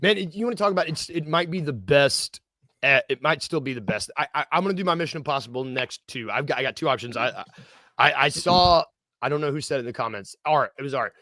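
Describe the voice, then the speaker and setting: A man co-hosting a casual podcast chat, excitable and laughing, often breaking into quoted movie lines. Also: fairly high pitch, fast, dry recording, clean studio sound. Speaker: podcast co-host.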